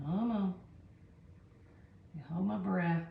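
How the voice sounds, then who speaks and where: A woman's voice: on the low side, fairly even intonation, slow, gravelly, phone-quality sound, a little hiss or hum. A woman with a Southern US accent hosting a live art tutorial, chatting with viewers and talking herself through each step in a self-deprecating way. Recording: echoey room.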